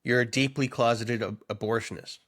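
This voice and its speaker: A man with a nasal, stuffed-up voice trades jokes on a podcast. His pitch sits in an ordinary middle range, and his delivery is loose and playful as he riffs on wordplay and bounces off his co-host. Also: steady tone, a little fast, a bit bright. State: stuffy nose. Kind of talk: casual comedy chat.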